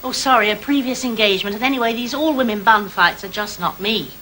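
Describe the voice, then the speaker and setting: A woman's voice: fairly high pitch, quick pace, fairly bright tone, natural voice. An actress playing a wry, teasing British woman diplomat with a gossipy streak in a 1980s TV sitcom. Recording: noisy old TV recording.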